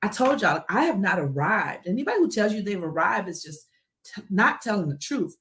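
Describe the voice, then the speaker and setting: A woman's voice: medium pitch, sing-song, a little fast, fairly bright tone. A woman hosting a live talk, speaking earnestly and encouragingly to listeners, emotional and close to tears. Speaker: podcast host.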